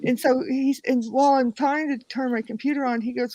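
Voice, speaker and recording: A woman's voice: high voice, steady tone, brisk, few pauses, mellow, dry recording, low-quality recording. A woman hosting a casual livestream chat, telling a story with lots of cursing and acting out what others said. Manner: profane storytelling, acts out quotes. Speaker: host.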